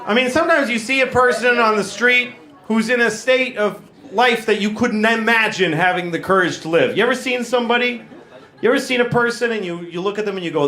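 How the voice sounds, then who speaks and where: Crude deadpan stand-up man, higher voice. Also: a little fast. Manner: deadpan, crude, self-deprecating musings. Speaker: stand-up comedian. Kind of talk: stand-up comedy set. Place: comedy stage before a live audience. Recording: live stand-up with audience laughter.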